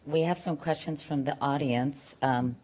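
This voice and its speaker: Low-voiced woman moderator, playful, laughs between questions. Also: fairly even intonation, unhurried, mellow. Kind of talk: moderating a panel.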